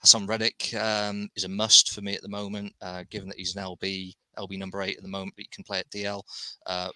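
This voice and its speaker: Sports podcast cohost guy, kinda low, pretty monotone, matter-of-fact. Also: fast, dry recording, poor audio. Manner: steady, matter-of-fact analysis with ums. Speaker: co-host. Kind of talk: casual sports podcast chat.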